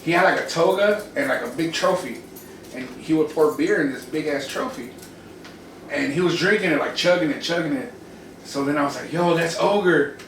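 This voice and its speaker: A young man in his twenties co-hosting a podcast, telling party stories in animated, profane casual chat. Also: on the high side, a little fast. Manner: animated, profane, acts out quoted voices. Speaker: podcast co-host. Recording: roomy, distant mic, noisy.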